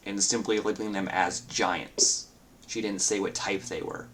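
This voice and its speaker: A man's voice: low voice, steady tone, normal speed, fairly bright tone. A man narrating as game master of a tabletop game, describing scenes in a loose way with many fillers.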